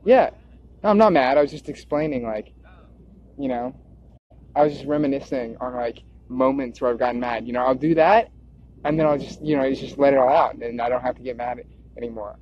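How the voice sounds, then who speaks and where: This man, a video creator, talks a little fast in a medium-pitched, darkish voice. He rambles without direction, repeating words and circling his own thoughts. The lo-fi recording sounds dull and carries slight background noise.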